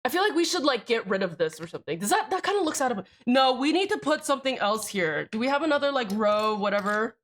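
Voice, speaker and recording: A woman's voice: on the high side, big pitch swings, fast talker, few pauses, a bit bright, a little hiss or hum. A young woman livestreaming as she builds a keyboard, rambling casually, cutting herself off mid-thought, swearing freely and answering her chat.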